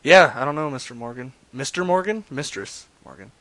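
A man talking casually to a live-stream chat while he sets up prank calls. His voice sits at an ordinary pitch, and his talk is loose and joking, full of fillers and asides. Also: steady tone, a little fast, fairly bright tone. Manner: chatty, loose, jokes with chat, lots of fillers.

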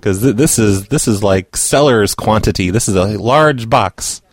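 A man's voice: fairly low pitch, unhurried, no room sound. A man hosting a prank call radio show, brash and profane, talking casually and posing as an official on calls.

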